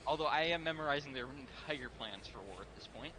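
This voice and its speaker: A man's voice: mid-range voice, expressive, a little fast, pushed and bright, low-quality recording. A man playing a tabletop game, laid-back and joking as he talks to the game master. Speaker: player. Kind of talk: casual tabletop play.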